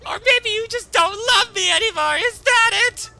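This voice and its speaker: A man voicing a dramatic, clingy young mob wife in a melodramatic falsetto, reading game dialogue aloud. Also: moderate pace, gravelly, pushed and bright, exaggerated voice. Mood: pleading.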